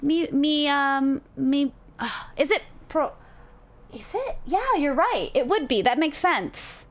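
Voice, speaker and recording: A woman's voice: high-pitched, expressive, slow. A woman streaming a video game, chatting casually with viewers and laughing often. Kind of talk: casual livestream chat.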